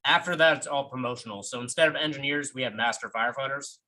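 A man who is a firefighter co-hosting a podcast, explaining things in a quick, joking way during casual chat. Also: medium pitch, pushed and bright, rough recording.

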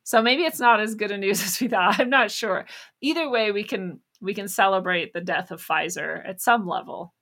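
Bright-voiced sarcastic woman host. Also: mid-range voice, moderate pace. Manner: sarcastic and profane, laughing often. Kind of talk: casual news commentary monologue.

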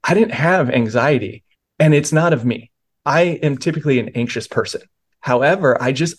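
A man, a pastor and author, earnestly telling a personal story of faith in a podcast interview, with many restarts. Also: medium pitch.

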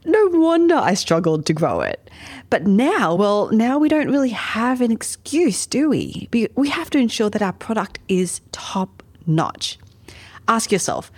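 A woman's voice: medium pitch, a little mellow. A woman hosting a podcast, talking playfully and directly to the listener between clips. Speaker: podcast host. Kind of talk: scripted commentary.

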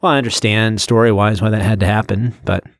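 A man's voice: lowish voice, steady tone, quick pace, no room sound. A man co-hosting a podcast, speaking in hesitant, wry casual chat. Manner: hesitant, restarts, dry understatement. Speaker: podcast co-host.

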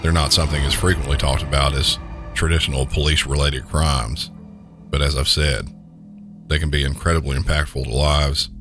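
Very deep-voiced true crime podcast host. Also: male voice, steady tone, music in the background. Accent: Southern American. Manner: measured and serious. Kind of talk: scripted narration.

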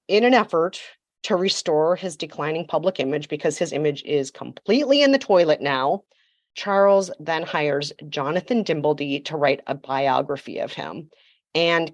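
A woman's voice: deep voice, lively intonation, moderate pace, dry recording, highs cut off. A woman telling a story as a podcast guest, emphatic and sassy, with mocking asides. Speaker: podcast guest, royal commentator. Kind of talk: storytelling chat.

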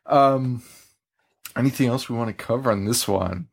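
A man's voice: medium pitch, moderate pace, vocal fry, husky. A man hosting a podcast, chatting casually about a horror movie, laughing and acting out scenes. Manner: animated, laughing, acts out movie lines. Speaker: podcast host. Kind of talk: casual movie review chat.

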